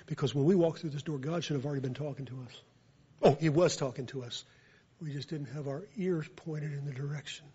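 A man with a Southern accent preaches, drifting into a lively story and swinging between quiet asides and loud bursts. His voice sits high for a man. The recording sounds dull and lo-fi. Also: a little fast, slightly rough. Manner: animated, builds from quiet to loud when telling a story. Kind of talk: storytelling sermon.

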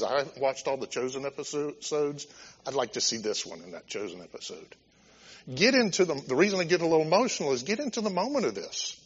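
A man's voice: fairly high pitch, slightly rough. A male pastor preaching a sermon in a church sanctuary, impassioned and conversational, often restarting his sentences. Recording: dull lo-fi recording with long hall reverb.

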